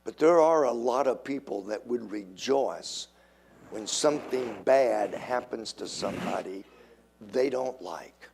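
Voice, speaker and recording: An older man preaching a sermon, slow and emphatic, acting out quoted voices with sudden jumps in pitch. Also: vocal fry, noisy background. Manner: animated, acts out quoted voices.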